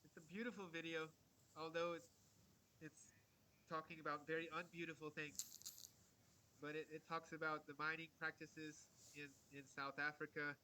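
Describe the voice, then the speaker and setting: A man giving an online art lecture over a video call, halting with many fillers and restarts. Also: on the high side, level tone, sharp tone, slight background noise, rough recording. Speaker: guest lecturer on African art.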